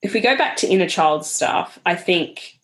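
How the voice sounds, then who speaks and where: A woman's voice: fairly low pitch, animated, moderate pace. A young adult woman, a podcast guest speaking in an earnest, reflective storytelling manner. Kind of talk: casual conversational interview.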